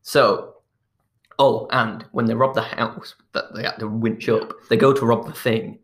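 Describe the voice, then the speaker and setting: A man's voice: medium pitch, steady tone, measured pace. A man in casual chat, retelling a film plot in a rambling way, restarting his sentences and chuckling as he goes. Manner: rambling, restarts often, chuckles while telling.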